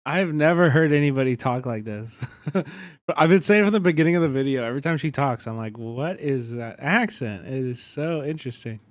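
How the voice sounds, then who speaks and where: A man with a Kansas City accent, commenting casually and profanely on a video during a live stream, given to excitable bursts of mock outrage. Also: a little high, quick pace, slight background noise. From Kansas City, USA.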